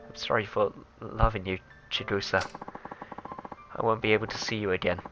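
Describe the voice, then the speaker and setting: A man voicing a regretful young man leaving a farewell message, in a quiet, subdued reading. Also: fairly low pitch, little pitch movement, normal speed, highs cut off, over music, close to an everyday voice.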